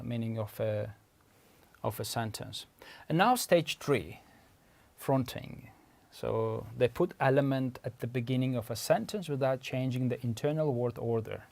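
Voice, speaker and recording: A man's voice: mid-range voice, gravelly, a little mellow. A man with an Uzbek accent, Uzbek his first language, giving a patient, methodical lecture as a language researcher. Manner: patient, methodical, stops often to clarify terms. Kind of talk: explanatory lecture.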